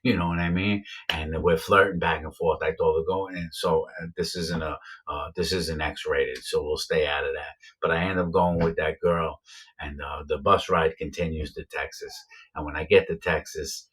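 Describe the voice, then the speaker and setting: Brief: a husky, deep-voiced man from New York, rambling through a story. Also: steady tone, moderate pace, fairly bright tone. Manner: rambling, many uh fillers, repeats himself. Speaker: vlogger telling his own story. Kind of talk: casual storytelling to camera.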